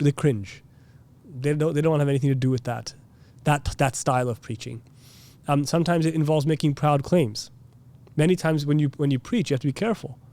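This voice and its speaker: A man's voice: on the high side, dark tone. A man giving a casual religious lesson, chatty and full of "you know" and "like", now and then mimicking preachers. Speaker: Islamic teacher. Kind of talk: casual classroom lecture.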